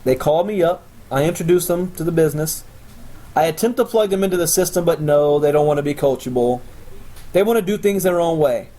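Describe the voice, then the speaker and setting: A man with a slightly high voice runs a sales training session. He is blunt and confrontational, boasting about his methods and lecturing his listeners. He swings from steady instruction into mocking, scornful jabs. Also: a little fast. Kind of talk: recorded motivational training talk.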